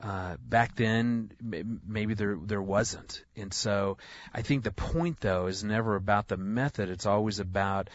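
A man's voice: on the low side, measured pace, dry recording. 40s guy chatting about raising kids, keeps restarting sentences, lo-fi dry mic. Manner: animated storyteller, many restarts. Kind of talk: conversational discussion.

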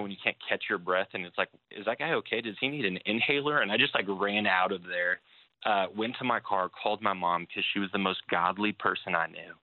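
A young man with a very low voice tells a candid personal testimony, acting out bits of dialogue as he goes. The sound is thin and tinny, like a phone line. The recording is dry, with no room echo. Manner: candid, storytelling with quoted dialogue. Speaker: church member sharing testimony.

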